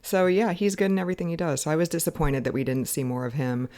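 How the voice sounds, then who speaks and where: A co-host of a movie review podcast chatting casually, with a brisk, wry and teasing manner. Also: medium pitch, darkish tone. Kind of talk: casual film review chat.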